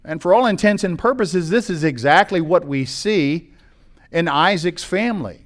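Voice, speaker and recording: A man's voice: high voice, expressive, moderate pace. A middle-aged American man, a pastor, preaching a sermon, reading scripture aloud and commenting on it in a conversational way.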